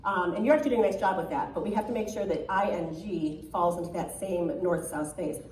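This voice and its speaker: A woman's voice: lowish voice, fairly quick, a little mellow. A woman with a soprano voice coaching a choir in rehearsal, chatty and encouraging, often checking in with "right?". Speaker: choir clinician giving critiques. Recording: echoey hall, mic far off.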